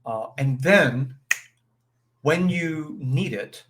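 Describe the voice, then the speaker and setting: Man, spiritual teacher, informal talk with plenty of fillers and quick check-ins. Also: a little high, expressive, background noise. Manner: conversational, full of fillers and "right?" check-ins; acts out brief quoted voices with chuckles. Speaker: spiritual teacher leading a session.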